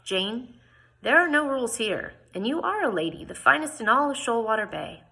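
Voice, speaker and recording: Kindly older father figure, gently teasing, voiced by a woman reader. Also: a little high, big pitch swings, moderate pace, breathy edge, voice pushed up, full character voice. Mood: coaxing.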